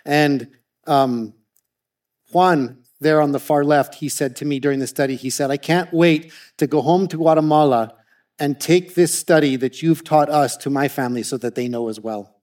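A man's voice: on the high side, moderate pace. A man from Canada giving a testimony talk with slides, telling stories with lots of restarts. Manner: animated storytelling with frequent restarts. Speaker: ministry speaker presenting slides.

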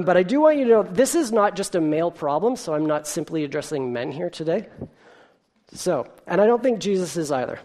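A pastor delivering a sermon in a lively storytelling way. The voice sits in a middle pitch. The delivery leans on rhetorical questions and the odd "um.". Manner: animated storytelling with rhetorical questions and filler ums.

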